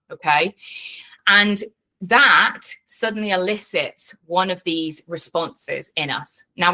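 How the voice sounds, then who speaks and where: A woman coaching a live online workshop in a casual, frank way, swearing freely and explaining things with lots of fillers. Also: fairly low pitch. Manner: animated teaching with fillers.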